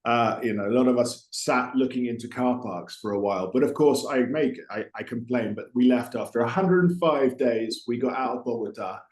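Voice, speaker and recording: A man's voice: mid-range voice, fairly quick, few pauses, darkish tone. A man hosting a podcast interview, chatty and digressive with many fillers and restarts. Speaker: podcast host. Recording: roomy echo.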